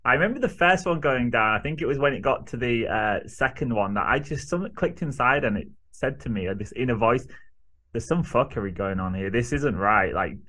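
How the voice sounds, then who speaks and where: A man hosting a podcast in casual conversation, relaxed and reflective, and candid enough to swear. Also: medium pitch, a little fast, few pauses. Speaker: podcast host.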